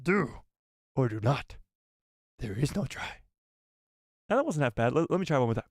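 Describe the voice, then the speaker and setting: A man's voice: medium pitch, sing-song, normal speed, no room sound, studio quality. A man imitating a wise little old alien. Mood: teaching. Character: small old male alien sage, wise.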